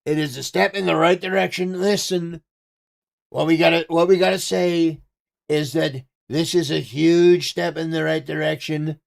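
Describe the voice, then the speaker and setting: A man hosting a political livestream, fast to get excited and given to exclamations. His voice is fairly high with a noticeable gravelly fry. He hammers the same phrases again and again for emphasis. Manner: excitable, exclamatory, repeats himself. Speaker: livestream host.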